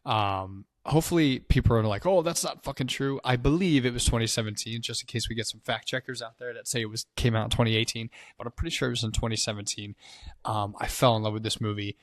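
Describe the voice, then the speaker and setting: A man's voice: lowish voice, steady tone, fast, no echo. A man co-hosting a movie podcast, retelling the plot in a loose, swearing casual chat. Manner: swears often, acts out quotes loosely. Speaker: podcast co-host.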